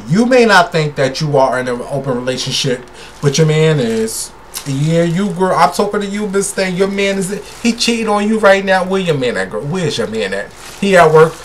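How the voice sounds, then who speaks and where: A man's voice: sits high, lively intonation, normal speed, a little hiss or hum. A man, a tipsy gossip vlogger talking in a sassy, brash, profane way straight to his viewers. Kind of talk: casual celebrity gossip rant.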